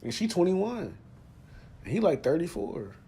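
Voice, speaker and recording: A woman's voice: lowish voice, big pitch swings, a little slow, a crowd in the background. A woman in her thirties co-hosting a podcast, talking casually in blunt, profane, laughing banter. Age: 30s. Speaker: podcast co-host. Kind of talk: casual chat.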